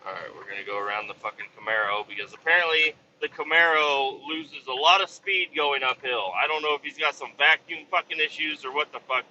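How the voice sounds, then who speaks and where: A man's voice: on the high side, fairly quick, hardly any pauses, sharp tone. A man who drives a truck, ranting and telling stories in a casual driving vlog, swearing constantly. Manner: profane, heavy swearing, exasperated storytelling. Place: inside a moving truck cab. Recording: dull lo-fi recording with road noise.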